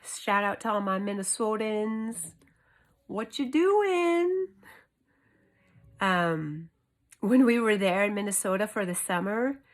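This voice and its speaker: A woman in her thirties, a homeschooling mother, telling a story to her camera at home in an earnest, emphatic, animated way. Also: medium pitch. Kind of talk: casual vlog monologue. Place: indoors at home.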